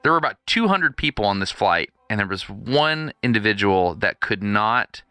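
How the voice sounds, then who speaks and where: Very animated and forceful, this male podcast co-host tells a story casually and plays out each person in it. His lowish voice is bright, clear, and resonant at a normal pace, with clean studio sound and no room noise.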